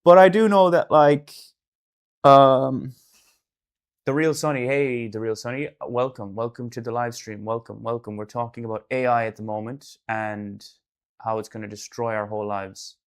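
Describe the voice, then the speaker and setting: An Irish artist hosting a casual live stream, rambling loosely and breaking into sudden loud bursts now and then. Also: male voice, mid-range voice, steady tone, normal speed, clear, resonant tone. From Ireland.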